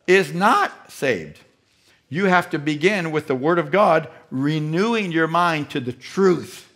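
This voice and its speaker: A man's voice: fairly high pitch, fairly bright tone. Emphatic man preaching a sermon. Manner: emphatic, repeats key phrases, asks the congregation questions. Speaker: pastor.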